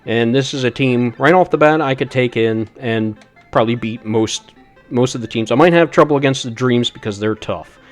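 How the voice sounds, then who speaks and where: A man's voice: medium pitch, moderate pace, faint music behind. A man streaming a retro video game live, chatting casually while he plays, in a rambling, self-deprecating way. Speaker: gaming streamer.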